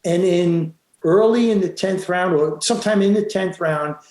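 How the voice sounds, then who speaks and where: High-voiced man telling fight stories. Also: moderate pace, a little mellow, roomy sound. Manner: emphatic, acts out quotes, frequent restarts. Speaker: boxing referee, interview guest. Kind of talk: animated storytelling in an interview.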